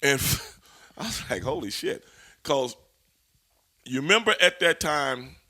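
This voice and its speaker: A man, a former wrestler, telling stories as an interview guest in an animated, profane way, laughing as he goes. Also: mid-range voice, slow. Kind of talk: storytelling in a shoot interview.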